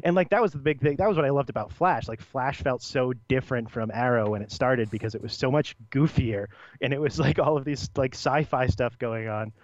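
A young man co-hosting a podcast in casual chat, rambling and animated, laughing often. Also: medium pitch, fairly quick, hardly any pauses, no echo, muffled recording. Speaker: podcast co-host.

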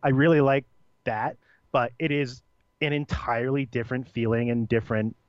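A young man co-hosting a podcast in casual chat, rambling and animated, laughing often. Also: mid-range voice, moderate pace, smooth, dry recording, dull audio. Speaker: podcast co-host.

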